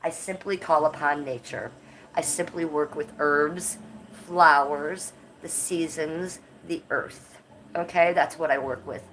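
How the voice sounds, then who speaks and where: A woman's voice: low voice, slow, a bit bright, slight background noise. A woman hosting a casual livestream, blunt and profane, her voice stuffed up from a cold, with coughs between her lines. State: congested and coughing. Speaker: livestream host.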